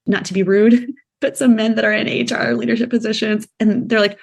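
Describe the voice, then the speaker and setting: A woman in her thirties, a founder talking as a podcast guest, lively, acting out her own quoted thoughts in a higher voice. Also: brisk, vocal fry, husky. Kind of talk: conversational interview.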